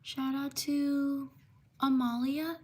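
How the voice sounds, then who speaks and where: A woman hosting a live stream, reading out viewers' names one by one and quickly apologizing for mispronunciations. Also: high-pitched, steady tone. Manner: slow, drawn-out name reading with quick apologies. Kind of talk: live stream shout-outs.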